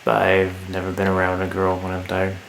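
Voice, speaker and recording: A man's voice: sits low, completely flat delivery, moderate pace, vocal fry, a little hiss or hum. A man co-hosting a casual chat podcast, hesitant and often searching for words. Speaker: podcast co-host.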